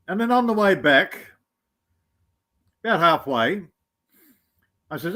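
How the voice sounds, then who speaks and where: A man's voice: sits high, sing-song, slow, pauses often, bright, forceful tone. An Australian man chatting on a live stream, rambling through teasing anecdotes. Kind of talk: casual storytelling chat.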